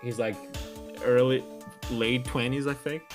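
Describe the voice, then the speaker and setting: A woman's voice: a bass voice, fairly even intonation, measured pace, over music. A woman streamer chatting casually while playing a game, blunt, swearing and laughing often. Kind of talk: casual let's-play chat.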